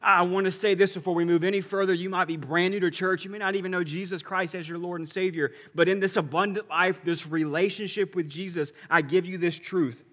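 A male pastor preaches in a church sanctuary, telling the story in an animated way and moving from loud to hushed. His voice is high and bright. A long reverb rings through the hall. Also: a little fast, few pauses. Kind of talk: sermon.

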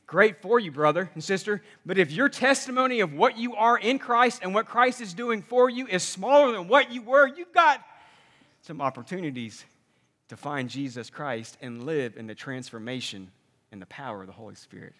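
A man preaching a sermon to a congregation, energetic and conversational, with humorous asides. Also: on the high side, big-room sound. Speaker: pastor. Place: church sanctuary.

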